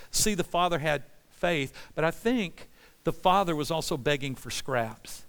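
A man preaching a sermon with passion, swinging between loud pleas and hushed, quiet lines. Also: on the high side, normal speed, clean tone. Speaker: pastor. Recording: long hall reverb.

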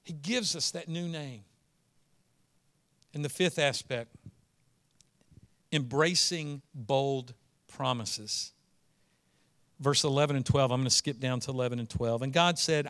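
A man's fairly high, smooth voice carries a sermon he preaches as pastor, swinging between soft narrative passages and earnest, emphatic proclamations.

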